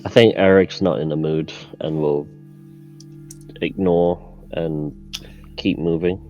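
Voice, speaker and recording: A man playing a tabletop game, describing his character's actions in a measured way. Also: deep voice, steady tone, highs cut off, faint music behind. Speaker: player.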